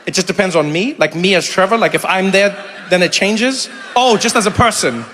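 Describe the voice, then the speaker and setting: High, bright-toned animated stand-up comedian. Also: male voice, brisk, big-room sound, a little hiss or hum. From South Africa. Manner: animated, acts out voices, laughs along. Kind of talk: stand-up with crowd work. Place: comedy venue with a live audience.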